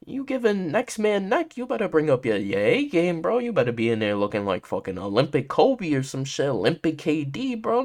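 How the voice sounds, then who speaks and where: A man's voice: fairly high pitch, very animated, brisk, few pauses, darkish tone. A young man hosting a podcast, casually telling a story in heavy slang and laughing often. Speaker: podcast host.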